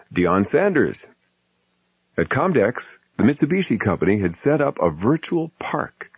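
A man reading his humorous essay aloud in a wry, deadpan manner. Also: sits low, breathy edge, no room sound. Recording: muffled lo-fi recording.

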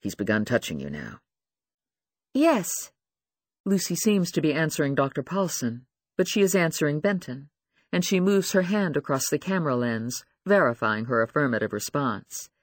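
A man narrating an audiobook in a measured, expressive reading. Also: a little high, dry recording, studio quality. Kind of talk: scripted narration.

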